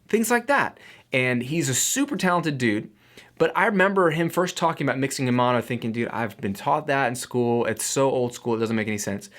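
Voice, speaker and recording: A man's voice: mid-range voice, a bit bright. Guy teaching mixing to camera, upbeat and chatty, throws in little jokes. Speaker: audio engineering educator. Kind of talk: casual talking-head lesson.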